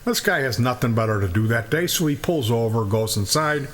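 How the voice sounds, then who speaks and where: A man telling jokes in a relaxed storytelling way. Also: medium pitch, brisk. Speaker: joke teller.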